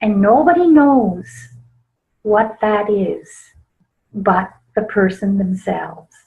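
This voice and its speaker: A soft-spoken female grief educator presents a teaching webinar in a medium-pitched, gravelly voice, speaking slowly and gently with frequent small laughs. The webinar audio is lo-fi and slightly dull and muffled.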